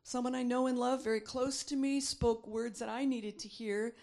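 A woman's voice: a little high, normal speed, darkish tone. A middle-aged woman preaching a sermon, reading scripture aloud and repeating phrases for emphasis.

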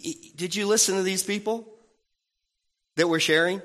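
A man preaching a sermon in a playful, animated way, acting out little voices and sounds. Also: sits high, normal speed.

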